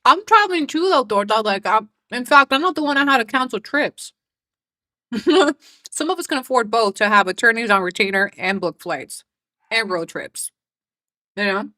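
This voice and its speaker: Mexican-born woman streamer, sarcastic and profane, bright voice, dry close sound. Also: a little high, lively intonation, moderate pace, dry recording. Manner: profane, mocking, laughing often. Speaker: commentary streamer. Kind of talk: live reaction commentary.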